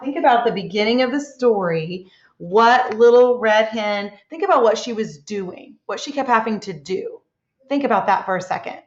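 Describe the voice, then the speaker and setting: Teacher woman, slow and encouraging. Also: a little high. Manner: slow, encouraging, asks many tag questions. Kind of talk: classroom reading lesson for young children. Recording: echoey room, dull lo-fi sound.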